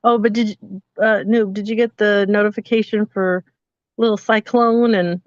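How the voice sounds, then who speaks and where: A woman's voice: mid-range voice, fairly even intonation, normal speed. A woman co-hosting a casual podcast, telling a story about her day in a chatty, teasing way. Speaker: podcast co-host. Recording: slightly muffled, dry sound.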